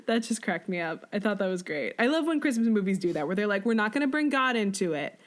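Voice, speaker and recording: A young woman co-hosting a podcast, chatting casually and laughing as she quickly recaps a film. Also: mid-range voice, sing-song. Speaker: podcast co-host. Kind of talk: casual chat.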